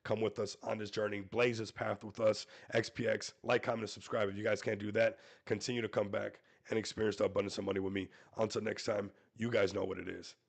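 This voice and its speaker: A crypto YouTuber hosting a live stream pushes a project in a salesy, hyped promo, stuffy-nosed from being sick and repeating "everybody." His fairly low voice is flat, fast, creaky and breathy-edged, with hardly any pauses.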